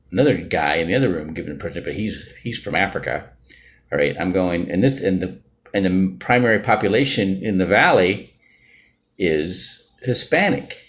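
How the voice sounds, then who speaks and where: A man's voice: low voice, lo-fi sound. A man talking off the cuff in a rambling monologue, often ending sentences with "right?" or "all right?". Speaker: financial group member sharing views. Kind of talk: casual unscripted monologue.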